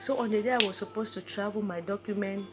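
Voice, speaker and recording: A woman's voice: medium pitch, steady tone, fast talker, noisy background. A young woman with a Cameroonian English accent, telling her own story in an emotional vlog with quoted dialogue. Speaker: vlogger.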